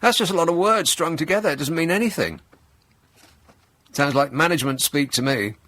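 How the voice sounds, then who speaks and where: A middle-aged man, hosting a radio talk show and delivering a sarcastic, deadpan satirical monologue. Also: on the high side, fairly quick, no room sound. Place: radio studio. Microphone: close studio microphone.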